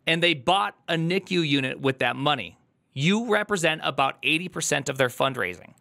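A man's voice: fairly high pitch, lively intonation, a little fast, gravelly, bright, forceful tone. A male streamer telling an emotional, earnest story to his chat, holding back tears. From United States. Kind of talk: casual livestream chat.

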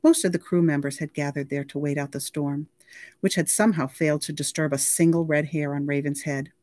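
A woman reading a novel aloud for a library, with steady, clear storytelling. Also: sits low, brisk, no room sound. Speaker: library reader.

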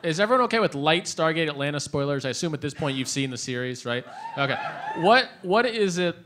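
A man moderating a convention panel, asking jokey questions and drawing them out slowly. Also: a little high, lively intonation, background noise. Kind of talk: casual moderated Q&A.

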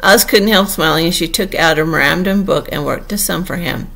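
A woman narrating a classic children's storybook as an audiobook, in a lively storytelling manner. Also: lowish voice, fairly quick, gravelly, hardly any pauses. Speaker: audiobook reader.

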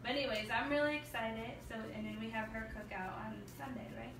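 Livestream host, young woman, chatty, high-ish voice, echoey room, far mic with noise. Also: a little fast. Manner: chatty, reads viewer comments aloud. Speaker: host of a nail salon livestream. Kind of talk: casual livestream chat and demo.

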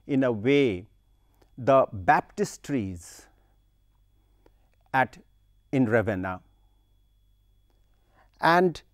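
A man giving a university lecture on a poem, slow and deliberate, stopping to recite lines of verse with heavy emphasis. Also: on the high side, darkish tone, no room sound, clean studio sound. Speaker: literature lecturer.

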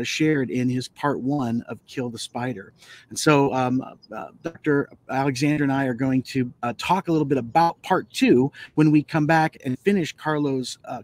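A man hosting a live show, introducing a talk in a halting way with many fillers. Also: medium pitch, darkish tone, dry recording. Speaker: host.

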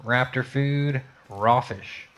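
A man of middle pitch talks easily through a co-op game session with a friend. He stays laid-back, then bursts out with a curse when something goes wrong. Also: slow, a bit bright. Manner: laid-back, with sudden swearing outbursts. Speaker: gamer. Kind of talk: casual co-op gameplay chat.

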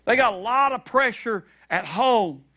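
A man preaching a sermon, animated and repetitive, with shouted high-pitched acted quotes, in a church. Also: unhurried. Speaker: pastor. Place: church sanctuary.

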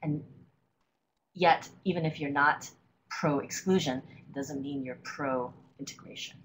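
A woman presenting a webinar lecture, explaining images at an unhurried pace with frequent ums and uhs. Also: low voice, background noise. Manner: hesitant, many ums and uhs. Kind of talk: lecture on political cartoons.

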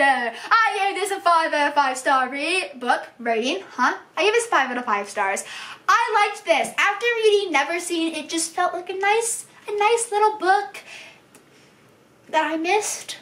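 A woman's voice: very high voice, lively intonation, measured pace, fairly bright tone. A young woman book vlogger chatting casually about books she read, gushing and full of fillers. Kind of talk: casual chat. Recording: echoey room.

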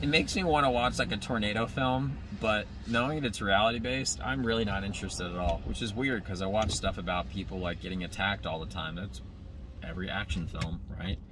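A male comedian with a lowish voice talks briskly through a comic rant, addressing his viewers directly from inside a moving car. He's animated and prone to tangents, and the background is noisy.

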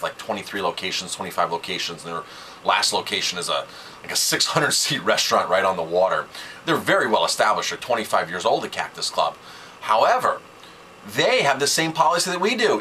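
A man's voice: medium pitch, sharp tone, a little hiss or hum, low-quality recording. A man who runs a restaurant, talking to camera with business advice in a conversational, emphatic way, repeating key phrases. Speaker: restaurant owner and chef.

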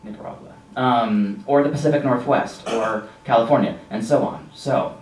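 A man's voice: mid-range voice, moderate pace, distant mic. Rambling man lecturing in an echoey room. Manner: relaxed, rambling, with frequent ums and asides. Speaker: nature lecturer. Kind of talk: casual slideshow lecture.

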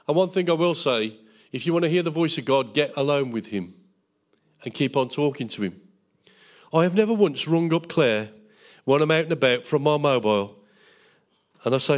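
A man's voice: a little high, expressive, moderate pace. A middle-aged man preaching a Bible school sermon as pastor, fervent, with tag questions and jokes.

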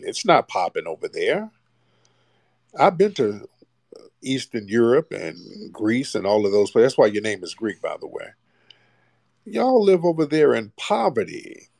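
A man's voice: mid-range voice, vocal fry, darkish tone, no room sound. A man hosting a live call-in stream, talking bluntly and mockingly down to his callers. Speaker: livestream host. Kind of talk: casual live call-in chat.

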